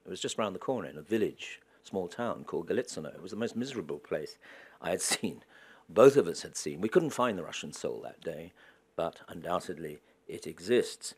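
Male lecturer, deep voice, dry anecdotal wit, public talk. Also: slightly rough. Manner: wry, anecdotal, dry humor. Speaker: guest lecturer.

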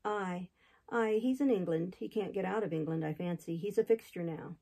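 A woman narrates an old innkeeper from a classic novel, a gossipy, solemn talker who rambles through a grim tale wanting to tell all of it. The voice is warm, low and gravelly with a husky grain, at normal speed on a rough recording.

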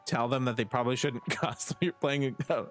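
A man's voice: medium pitch, fairly quick, fairly bright tone. A man streaming live, chatting casually with viewers as he plays, self-mocking and swearing freely. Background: faint game music.

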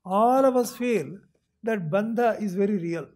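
This man has an Indian accent and a high, slightly mellow voice, delivering a scripture talk at a moderate pace. As a spiritual teacher he explains with patience, keeps checking comprehension, and performs a seeker's quoted voice.

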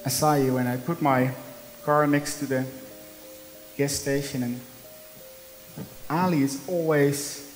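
A man's voice: mid-range voice, steady tone, slow pace, long pauses, big-room sound, soft background music, rough recording. Dutch man giving an earnest talk. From Netherlands. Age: 30s. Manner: earnest, emphatic, storytelling with small slips in English. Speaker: conference speaker. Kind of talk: motivational talk. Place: conference hall.

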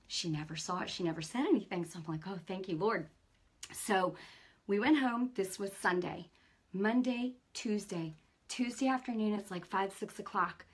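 A middle-aged woman hosting a faith show, telling a personal testimony in an animated, conversational way and acting out the dialogue. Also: mid-range voice, normal speed, husky. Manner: animated storytelling, acts out dialogue; conversational, many fillers. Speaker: host.

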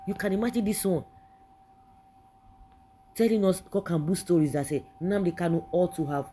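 Nigerian commentator, indignant ranting opinion talk, dark mellow husky voice. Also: mid-range voice. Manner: indignant, ranting, repeats phrases. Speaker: political commentator.

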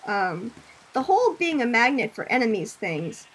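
A young woman streaming a game, chatting casually, reading chat aloud, laughing often and breaking into loud screams at enemies. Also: fairly high pitch, sing-song, normal speed, husky. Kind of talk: casual gaming commentary.

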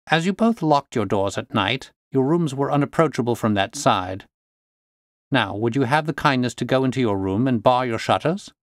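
A man voicing a brisk, sharp-minded gentleman detective, crisp and commanding in manner. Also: medium pitch, expressive, dry recording, clean studio sound, voice pushed up, natural voice.

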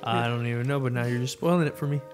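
A man's voice: medium pitch, rapid-fire, over music. A young man co-hosting a let's play, joking and echoing his partner's lines. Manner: jokey, echoes his co-host's lines, lively interjections. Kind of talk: casual gameplay commentary.

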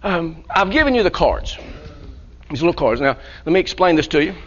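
A man's voice: on the high side, big pitch swings, brisk, lo-fi sound. A male pastor preaching a sermon in church, restarting phrases, repeating words and chuckling often.

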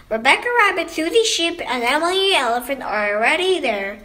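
A woman reading a children's picture book aloud, slowly and carefully, with occasional slips. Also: fairly high pitch, lively intonation, pushed and bright. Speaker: storybook reader.

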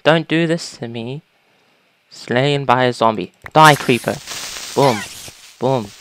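A woman casually commentating a video game, talking to creatures and breaking into panicked shouts. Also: rumbling low, a little slow, slight background noise. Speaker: gaming YouTuber.

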